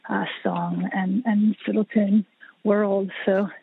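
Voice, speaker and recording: A woman with a medium-pitched, level voice speaks slowly over a tinny phone line. She's a musician appearing as a podcast guest, telling stories in a casual interview, chatty and full of fillers and restarts. The line sounds husky, dry, and phone-like.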